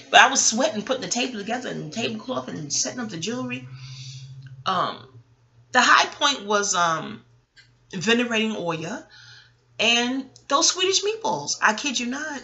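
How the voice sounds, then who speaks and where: A woman's voice: a little high, big pitch swings, moderate pace, sharp tone. A woman vlogger talking in a blunt, rambling casual monologue, swearing often and drifting into chatty asides.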